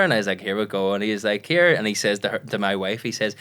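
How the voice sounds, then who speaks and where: A male comedian with a Northern Irish accent, telling rambling, animated stories in a casual podcast chat. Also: fairly low pitch, fast talker, few pauses, clear, resonant tone. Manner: rambling, animated anecdotes with lots of fillers. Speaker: comedian guest.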